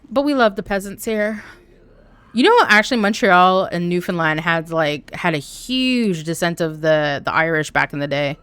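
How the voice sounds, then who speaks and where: A young woman from Canada chatting casually on a live stream while gaming, talking to her chat with an animated, swearing manner. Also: fairly low pitch, normal speed, smooth, no room sound. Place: home room.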